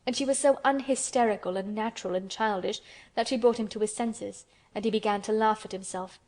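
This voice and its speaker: Calm woman narrating an audiobook. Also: mid-range voice, fairly quick. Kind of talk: scripted narration.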